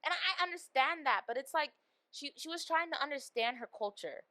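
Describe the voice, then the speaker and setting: A young adult woman hosting a podcast, chatting casually about a movie and acting out lines with animated delivery. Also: high-pitched, a little fast, no room sound. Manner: animated, acts out quoted lines. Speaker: podcast host. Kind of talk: casual movie review chat.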